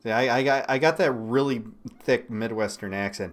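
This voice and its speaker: A man from Michigan hosting a political commentary livestream. He talks bluntly and swears often, with sudden loud bursts between quieter asides. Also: mid-range voice, moderate pace. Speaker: livestream host.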